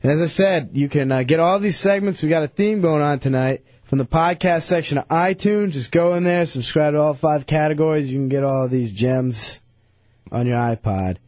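A man's voice: fairly high pitch, normal speed, a little mellow, dry recording. A man hosting a radio show in casual, rambling chat. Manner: laid-back, rambling. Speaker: radio host. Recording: dull, dry lo-fi radio recording.

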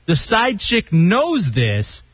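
A man's voice: sits high, huge pitch swings, very slow, husky, no echo. A man hosting a radio show, chatting casually, joking and reading quotes aloud. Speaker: radio host.

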